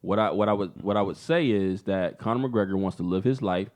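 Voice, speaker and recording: A man co-hosting a podcast, talking in an animated casual way and repeating words as he jumps in. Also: lowish voice, brisk. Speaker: podcast co-host. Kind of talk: casual chat.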